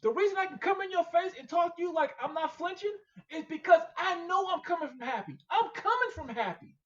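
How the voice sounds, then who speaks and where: Through a muffled recording comes a very high-pitched male guest on a casual podcast, talking a little fast. He runs a machine shop, and he hammers his points home with animated, repetitive emphasis, almost like a preacher.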